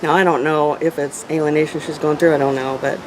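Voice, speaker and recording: A middle-aged woman, an interview guest, earnestly and emotionally telling a personal story, with halting restarts. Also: low-pitched, fairly even intonation. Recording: noisy background hum.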